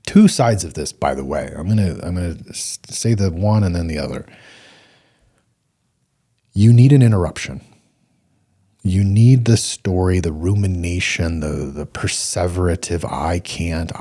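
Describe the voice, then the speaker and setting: Low husky man giving earnest advice. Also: animated, measured pace, a little mellow. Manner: earnest, coaching, repeats points for emphasis. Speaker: podcast host. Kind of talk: solo motivational talk.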